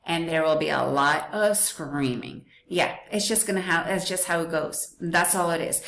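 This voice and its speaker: A woman's voice: medium pitch, echoey room, slight background noise. A woman hosting a parenting podcast, talking straight to listeners in a blunt, emphatic way that often repeats its points. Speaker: podcast host. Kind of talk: direct-to-listener parenting talk.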